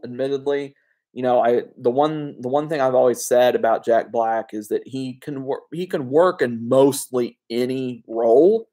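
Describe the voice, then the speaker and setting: A man's voice: medium pitch, darkish tone. A man with an ordinary mid-range voice reviews films by himself in a loose, chatty way. He wanders through his opinions with frequent fillers and little asides. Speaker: film reviewer. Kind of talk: casual solo movie review.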